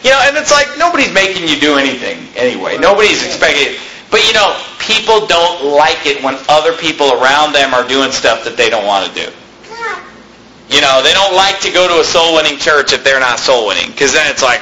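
A man preaching a sermon as a pastor, animated and imitating people he describes. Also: fairly high pitch, a little fast, reverberant, slight background noise, rough recording.

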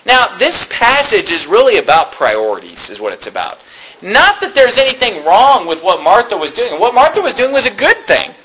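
A man's voice: high-pitched, wildly swooping pitch, normal speed, pushed and bright, slightly rough, poor audio. A man preaching a sermon, reading scripture aloud and then explaining it in an earnest, conversational way. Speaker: pastor.

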